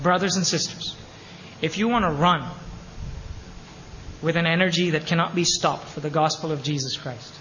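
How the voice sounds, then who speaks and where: A man preaching a sermon as pastor of his church, impassioned, with sudden loud peaks and hushed drops. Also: fairly high pitch, a little hiss or hum. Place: church sanctuary. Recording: long hall reverb, faint ambience.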